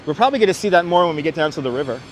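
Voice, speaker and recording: On a live-streamed walking tour of city streets, a man speaks in a high-leaning, expressive voice at a racing pace, chatting and greeting viewers by name. He's a bit congested from feeling under the weather. Faint traffic and street sounds come through his wireless clip-on mic.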